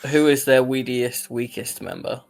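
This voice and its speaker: A man's voice: mid-range voice, moderate pace, vocal fry, soft background music. A man playing a tabletop game, trading dry, joking asides with the table. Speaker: player. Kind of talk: casual tabletop play.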